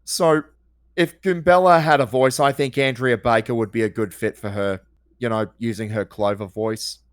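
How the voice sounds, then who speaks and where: A man's voice: mid-range voice, fairly even intonation, normal speed, dry recording, clean studio sound. A man co-hosting a livestream, chatting casually and laughing easily while a game plays. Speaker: co-host. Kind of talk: casual gaming chat.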